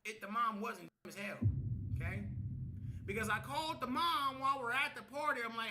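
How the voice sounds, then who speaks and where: A man's voice: very high-pitched, brisk, pushed and bright. A man telling a story on a livestream in a casual way, swearing, acting out what people said, and ending lines with "okay?". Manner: tags lines with "okay?", swears, acts out quotes.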